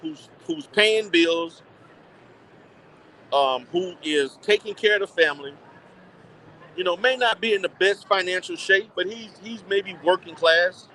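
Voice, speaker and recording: Male vlogger, high-pitched, blunt and animated, casual phone live chat with faint background noise. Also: measured pace, pauses often. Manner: blunt, animated, laughs often, repeats words. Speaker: vlogger chatting with live viewers. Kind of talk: casual live-stream chat while shopping. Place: indoor shopping mall.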